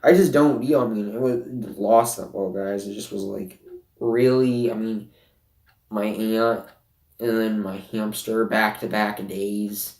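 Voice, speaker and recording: A teenage boy speaks to his camera in a low-pitched, sniffly voice. He stumbles through fillers and broken restarts. The sound is roomy, with his voice set back from the mic. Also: steady tone, a little mellow. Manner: halting, with many fillers and restarts. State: sniffly, emotional. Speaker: vlogger. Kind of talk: personal confessional vlog. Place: bedroom at home. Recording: roomy, from some distance.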